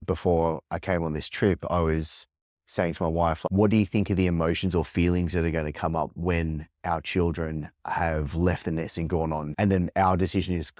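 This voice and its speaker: Low-voiced male host in his thirties, reflective and searching, thinks aloud. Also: flat delivery, moderate pace, darkish tone, no echo, studio quality. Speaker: podcast host. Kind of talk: reflective conversation.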